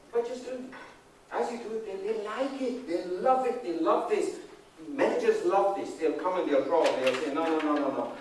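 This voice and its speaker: A man giving an energetic, emphatic conference talk as a leadership trainer, often checking in with the audience. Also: fairly high pitch, a little hiss or hum. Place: large conference hall. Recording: distant, echoey hall recording.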